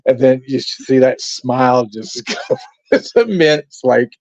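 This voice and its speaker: A man's voice: medium pitch, animated, slow pace, a little mellow, no room sound. A man telling casual anecdotes on a watch party stream, laughing often and swearing freely. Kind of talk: casual storytelling chat. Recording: dull lo-fi dry sound.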